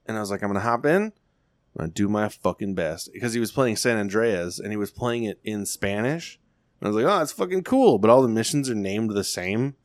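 A man's voice: fairly low pitch, fairly quick, no echo. Young man telling rambling stories, dry mic. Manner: rambling storyteller, heavy swearing, lively quoted voices. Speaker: podcast co-host. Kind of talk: casual podcast chat.

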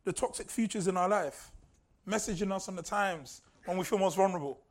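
A man's voice: high-pitched, brisk. A male pastor preaching a sermon in a conversational, humorous way, repeating key lines for emphasis.

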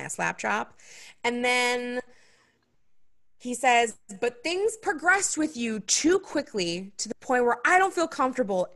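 This young adult woman, a podcast host, narrates a story in a casual chat and plays out other people's lines with big pitch jumps. Her voice is creaky, with a fairly bright tone.

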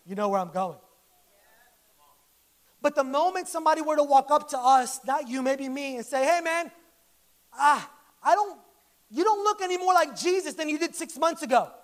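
A man's voice: very high-pitched, animated, a little fast. A man preaching a sermon to his church in a conversational, joking way, acting out little quoted lines. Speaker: pastor. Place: church service.

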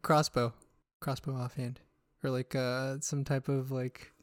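A man chatting as a guest on a gaming podcast, excitable, laughing and swearing casually. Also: mid-range voice, measured pace, no echo, clean studio sound.

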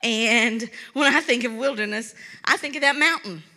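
A woman's voice: a little high, moderate pace, pushed and bright. A woman from Kentucky with a Kentucky accent, preaching an earnest, pleading sermon and repeating words for emphasis.

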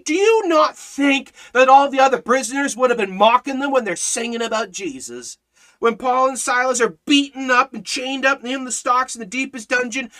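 A man preaching a fiery sermon, hammering rhetorical questions and swinging between loud exhortation and low, intense emphasis.

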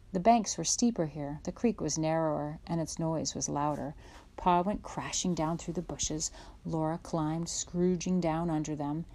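A woman narrating a children's chapter book aloud in a gentle, unhurried way. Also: low voice. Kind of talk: storybook read-aloud.

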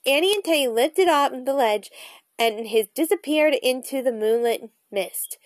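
Brief: high, lively woman reading a kids' book aloud, dry close sound. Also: measured pace, dry recording. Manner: bubbly, expressive reading. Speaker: storybook reader vlogger.

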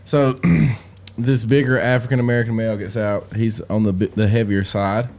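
A young man with a Southern US country accent, telling a story as a podcast guest in a casual, profane, animated way. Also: on the low side, normal speed. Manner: profane, animated storyteller who rises into shouting in quotes.

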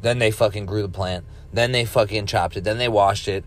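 Male stoner vlogger, lower voice, casual profane monologue, coughs, meandering. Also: fairly even intonation, brisk. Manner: profane, meandering, laid-back with ranting bursts. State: high, coughing now and then. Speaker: cannabis vlogger.

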